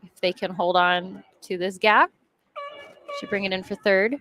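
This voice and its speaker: A woman's voice: medium pitch, a little slow, fairly bright tone, a little hiss or hum. A woman doing color commentary at a rowing race, chatty and explaining the sport in plain terms.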